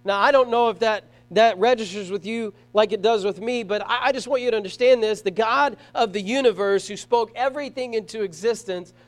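A man's voice: sits high, a little fast, hardly any pauses. A man preaching a sermon as pastor to a church congregation, earnest and emphatic, repeating phrases as he builds a point.

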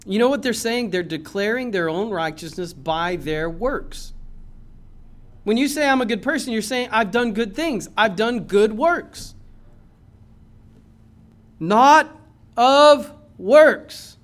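A man preaching a sermon in a church, impassioned, swinging from loud emphasis to low earnest tones. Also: animated, unhurried. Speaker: pastor.

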